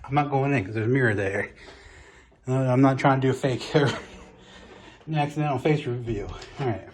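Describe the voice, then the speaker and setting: A man giving an excited, out-of-breath handheld room tour of a vacation apartment, exclaiming at each room. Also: mid-range voice, moderate pace, noisy background. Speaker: vlogger.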